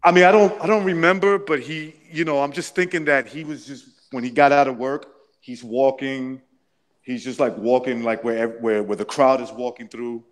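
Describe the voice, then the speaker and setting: A man's voice: medium pitch, steady tone, normal speed. A man casually recounting a personal story, rambling with many restarts and frequent swearing. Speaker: interviewee.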